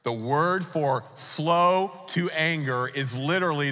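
A man's voice: on the high side, takes it slowly, pushed and bright. A man preaching a sermon as pastor, emphatic and putting rhetorical questions to the congregation. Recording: long reverb of a large hall.

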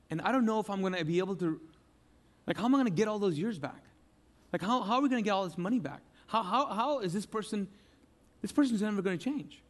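A man preaching a sermon with passion, repeating phrases and swinging between loud outbursts and hushed, quiet lines. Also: sits high. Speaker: pastor.

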